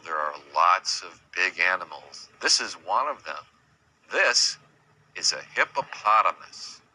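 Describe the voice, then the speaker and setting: A man teaching young children about animals in a slow sing-song way, imitating animal sounds and asking them questions. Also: low-pitched, sharp tone, poor audio. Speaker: children's educator.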